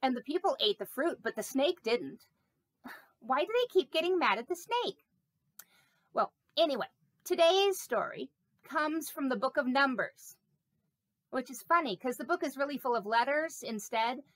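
A woman's voice: high-pitched, animated, moderate pace, fairly bright tone, no room sound. A woman voicing a vain, chatty, silly snake puppet in a children's sermon, talking playfully with rambling asides. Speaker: pastor.

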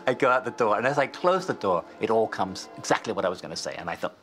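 A film editor telling a lively anecdote for a DVD commentary, laughing often and acting out the dialogue. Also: male voice, fairly low pitch, brisk, faint music behind. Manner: animated storyteller, laughs often, acts out dialogue.

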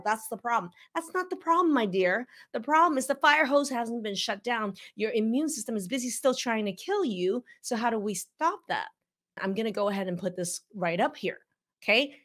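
A woman's voice: mid-range voice, fairly bright tone. A woman doctor hosting a casual health talk, blunt and emphatic, often checking in with the viewer and dropping teasing, mildly salty asides. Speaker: doctor and health video host. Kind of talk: casual health explainer to camera.

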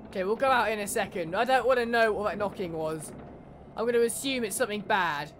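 A woman's voice: mid-range voice, fast talker, over music. A woman commentating her horror game playthrough, sarcastic, swearing and laughing at the characters. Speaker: gamer. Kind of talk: let's play commentary.

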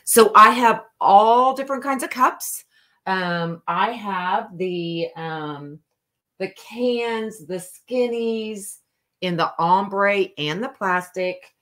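A woman hosting a live stream to sell custom cups, talking casually and slowly with lots of ums. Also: mid-range voice, a bit bright. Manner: slow, drawling, many ums. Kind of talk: casual live sales chat.

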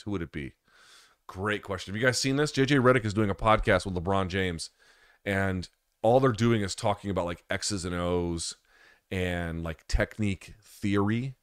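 Low-voiced guy hosting a live chat, swears a lot, super casual, dry sound. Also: dry recording. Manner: candid, loose and profane. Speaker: host answering viewer questions.

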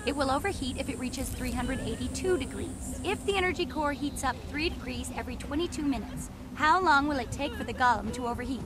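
A brisk, impatient gnomish scientist in a fantasy game, voiced by a woman. Her voice sits high and she sounds easily exasperated, with steady game noise behind her. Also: close to an everyday voice.

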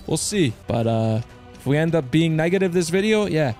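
A man hosting his own channel, commenting excitedly to viewers with slang, swearing and loud outbursts. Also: fairly high pitch, moderate pace, soft background music. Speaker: slots streamer host.

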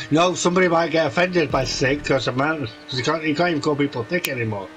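A man's voice: a little high, fairly quick, fairly bright tone, faint music behind, low-quality recording. A man chatting while gaming with friends, jokey and chatty, swearing freely. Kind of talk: casual gaming chat.

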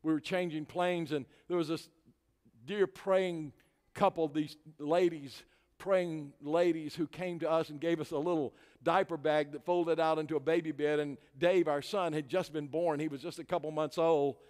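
High-voiced older preacher in a reverberant hall. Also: male voice, moderate pace. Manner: animated, rising to shouts at climaxes. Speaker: guest preacher. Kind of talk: sermon storytelling. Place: church sanctuary. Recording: long reverb of a large hall.

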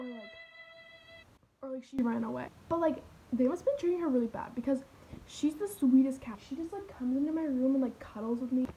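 A woman's voice: high-pitched, fairly quick, mellow, faint music behind, poor audio. A teenage girl rambling through a parody vlog in her bedroom, full of fillers and drifting into whispers. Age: teens. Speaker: vlogger.

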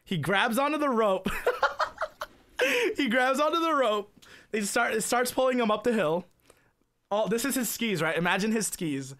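A man streamer telling a funny story in a casual, rambling way, full of filler words and swearing, getting loud and excited at the big moments. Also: high voice, normal speed.

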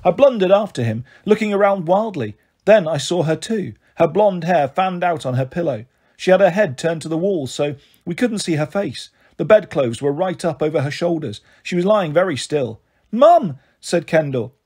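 Husky-voiced man reading a story. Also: fairly high pitch, normal speed. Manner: steady first-person narration. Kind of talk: reading a children's novel aloud.

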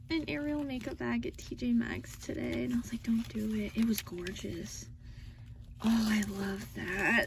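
High-voiced gushing woman unboxing mail. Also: a little hiss or hum, rough recording. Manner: gushing, excitable, lots of exclamations. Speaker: vlogger. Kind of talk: casual unboxing vlog.

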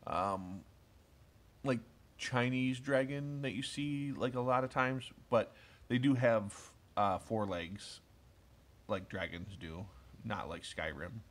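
A man's voice: medium pitch, slow. A man in his thirties casually rambling as he opens trading cards, chatty and enthusiastic, with lots of asides and fillers. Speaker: card collector opening packs. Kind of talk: casual rambling commentary while opening cards.

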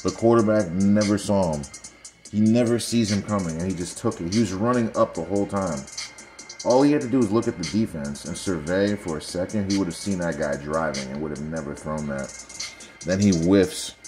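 A young man casually breaking down football highlights for viewers, analytical and sarcastic, talking straight to the audience. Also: a little fast, darkish tone, soft background music. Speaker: football video commentator.

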